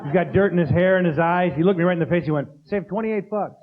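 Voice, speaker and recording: A man doing a stand-up comedy routine on a theater stage, animated and full of mimicked sounds. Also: fairly high pitch, rapid-fire. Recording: dull lo-fi tape with noise.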